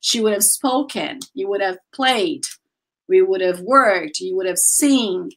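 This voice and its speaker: A woman teaching English grammar, drilling phrases slowly and chatting with her students. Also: mid-range voice, a bit bright. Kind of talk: live online English lesson.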